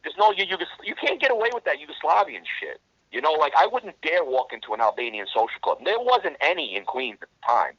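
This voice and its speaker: A middle-aged man, telling rough street stories in a casual interview, blunt and heavy on the swearing. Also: on the high side, very animated, brisk, fairly bright tone, no room sound. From New York. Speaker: interview guest. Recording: dull lo-fi dry recording.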